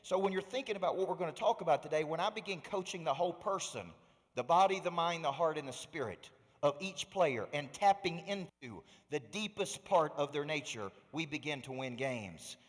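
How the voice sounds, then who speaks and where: Energetic motivational speaker in a reverberant hall. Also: male voice, on the high side, moderate pace. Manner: energetic, preacherly, engages the audience with questions. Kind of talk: motivational stage speech. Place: large hall before a live audience.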